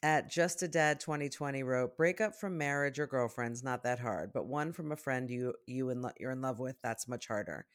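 Podcast co-host reading listener posts, playful and chatty, quick to laugh. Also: mid-range voice. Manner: reads posts aloud, playful, laughs often. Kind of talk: casual chat.

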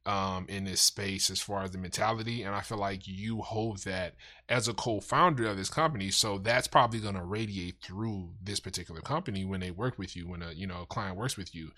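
A man hosting a podcast, talking in an easygoing, casual way. His voice sits slightly low but comes across bright and forward. He peppers his speech with "you know" and "man". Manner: laid-back, repeats "you know" and "man". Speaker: podcast host. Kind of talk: casual interview chat.

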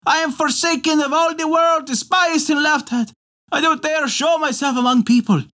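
A man's voice: very high-pitched, fairly even intonation, normal speed, pushed and bright, voice pushed up. A man voicing a tiny, old, bearded mannikin who whines and pleads pitifully in a folktale reading. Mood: wailing pleas. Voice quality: wailing, pleading.

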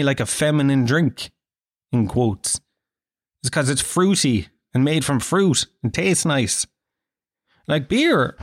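A man's voice: on the high side, no echo. Irish male podcast host, 30s, rambling self-mocking comic monologue, dry close-mic sound.

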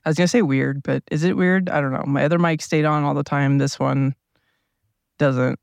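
Guy with a gravelly morning voice just rambling to his mic in an rv, kinda high but super flat. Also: no room sound. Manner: rambling, unhurried, self-questioning. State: groggy morning voice. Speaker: solo podcaster. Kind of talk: casual rambling monologue. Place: inside a parked RV, seated at a table. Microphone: small plug-in mic powered by a tablet.

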